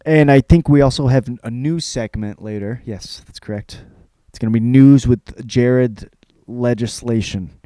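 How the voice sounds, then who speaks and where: A man's voice: mid-range voice, measured pace, mellow, smooth, no room sound. A man hosting a comedic podcast, rambling and self-mocking with casual swearing. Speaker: podcast host.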